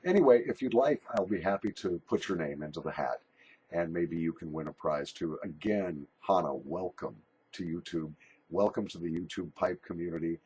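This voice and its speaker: A man's voice: low voice, breathy edge. An older man recording a casual video letter as a pipe and snuff YouTuber, jokey, rambling and a little bawdy.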